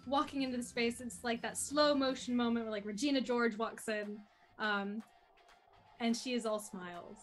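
A woman's voice: on the high side, fairly even intonation, moderate pace, soft background music. A woman chatting as a player in a tabletop game, breezy and descriptive.

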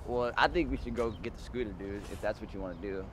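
A man's voice: fairly low pitch, quick pace, a little hiss or hum, lightly acted. A man playing a laid-back young stoner in a homemade comedy sketch, dropping "dude" into most lines. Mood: lazy. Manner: drawling, says "dude" a lot, easygoing. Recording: loud music playing behind.

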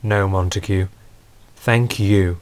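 A man's voice: deep voice, steady tone, slow pace. A man playing a kindly, firm and polite male station master.

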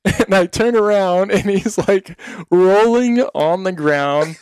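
A man's voice: sits high, slow, darkish tone, smooth. A man telling hunting stories in a casual chat, rambling, laughing often and acting out what people said.

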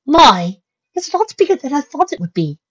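A woman's voice: high-pitched, very animated, fairly quick, a bit bright, dull audio, voice pushed up. Woman putting on a prim elegant pony lady. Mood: impressed. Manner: refined, theatrical.

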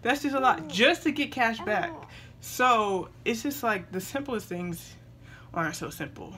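A woman's voice: on the high side, expressive, a little slow, sharp tone, slight background noise. A young woman vlogging casually at home, chatting to viewers and breaking off to talk to her baby. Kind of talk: casual chat to camera.

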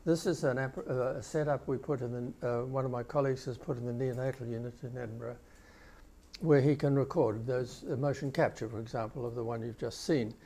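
A man's voice: medium pitch, steady tone, fairly quick, dark tone, breathy edge. An older man giving a conference keynote lecture, explaining video clips step by step. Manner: explanatory, walks listeners through clips step by step. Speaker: keynote speaker.

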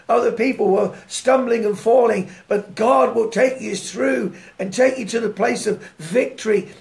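A man preaching a devotional sermon in a lively way, often laughing and putting rhetorical questions to his listeners. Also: high-pitched, creaky.

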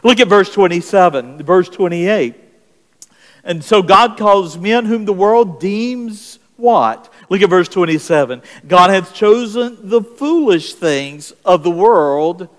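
A man's voice: sits high, in a large hall. A middle-aged man with a Southern US accent, preaching as senior pastor, reading scripture and telling folksy stories. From South Carolina, US. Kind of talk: sermon.

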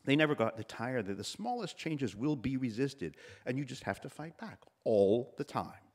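Lively nasal man giving a commencement speech. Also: mid-range voice, moderate pace. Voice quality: a little nasal. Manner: lively storytelling, acting out quoted voices. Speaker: commencement speaker. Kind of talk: commencement address.

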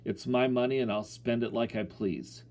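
A man's voice: mid-range voice, moderate pace, darkish tone, natural voice. A man doing a surly, grumbling drunk father. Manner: grumbling, sullen.

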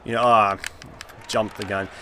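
Excitable man reacting to gameplay. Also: lowish voice, a little slow, a little hiss or hum. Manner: excitable, groaning and exclaiming at plays. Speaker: gaming YouTuber. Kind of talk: live gameplay commentary.

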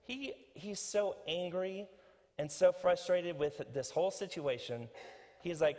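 A pastor giving a conversational, animated sermon with many fillers and restarts. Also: male voice, on the high side, moderate pace, long reverb tail. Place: church sanctuary.

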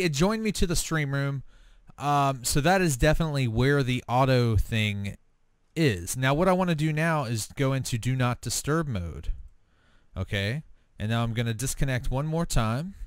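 Guy narrating his screen while testing stuff, smooth voice, dry sound, lots of ums. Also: mid-range voice, no room sound. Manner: casual, thinking aloud with fillers. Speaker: streamer. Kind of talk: screen-recorded tech walkthrough.

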